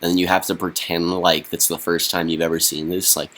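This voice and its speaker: Young male vlogger, low voice, dry deadpan delivery with hesitations. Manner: deadpan, halting with fillers. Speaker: comedy vlogger. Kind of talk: deadpan comedy monologue.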